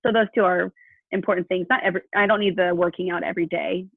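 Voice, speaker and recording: A woman's voice: on the low side, steady tone, fast, no room sound. A mother talking through her routines on a coaching call, chatty and self-deprecating, laughing at herself. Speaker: coaching client. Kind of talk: phone conversation. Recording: gravelly phone-line audio, dry.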